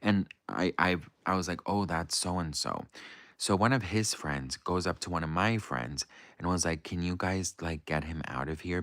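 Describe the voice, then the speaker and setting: A young man from the United States with a very low voice, talking casually to his live chat and rambling through a story full of "like" and "um". The sound is close and dry, with no room around it. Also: a bit bright, no room sound. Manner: rambling, heavy on fillers. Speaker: livestream host.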